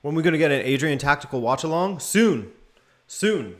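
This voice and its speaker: A man's voice: a little high, normal speed. Casual man doing live match commentary. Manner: relaxed play-by-play mixed with chat replies.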